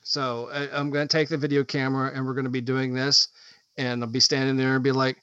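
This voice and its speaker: A man's voice: mid-range voice, little pitch movement, fairly quick, a bit bright, smooth, dry recording. A man co-hosting a podcast in casual chat, rambling and searching for his words. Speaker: podcast co-host. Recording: dull, dry lo-fi podcast audio.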